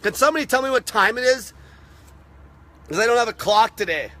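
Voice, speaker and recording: Guy with a high bright voice ranting + swearing nonstop on a live stream, getting raspy. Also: fairly quick, slight background noise. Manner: profane, aggressive ranting. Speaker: fasting channel host.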